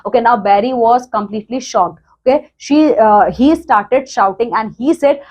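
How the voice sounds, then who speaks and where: A woman teacher walks students through a play. She keeps stopping to check "okay?", restarts her sentences and retells each line in simpler words. Her voice sits fairly high. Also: animated, normal speed, a little mellow. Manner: repeats "okay?", restarts often, paraphrases simply. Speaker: English teacher.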